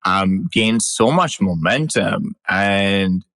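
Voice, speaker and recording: A man hosting a casual podcast discussion, asking thoughtful, measured questions. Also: low voice, expressive, bright, forceful tone, no room sound.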